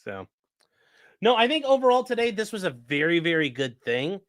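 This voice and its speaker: A man hosting a livestream, commenting in a casual, jokey way, talking to chat and breaking into mock voices and sudden yells. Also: high-pitched, very animated, normal speed, no echo, studio quality. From grew up in a rural area. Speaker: livestream host reacting to a trial.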